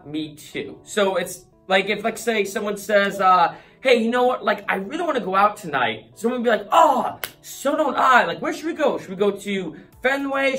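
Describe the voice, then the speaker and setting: A man's voice: high voice, a bit bright. A young man from the Boston area chatting casually to camera, laughing and acting out little scenes as he explains slang.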